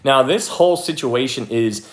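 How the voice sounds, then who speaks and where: A young man leading a casual livestream Bible study, chatty and animated, thanking viewers by name and acting out quoted people. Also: mid-range voice, moderate pace. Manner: frequent fillers and restarts, thanks viewers by name.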